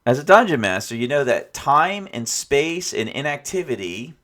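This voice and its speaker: A man talks through his tabletop campaign in a loose, rambling way, circling back and restarting his sentences. His pitch rises and falls a lot as he goes. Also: sing-song, normal speed, a bit bright. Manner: rambling, with many restarts and asides. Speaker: dungeon master reflecting on his game. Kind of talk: casual spoken reflection.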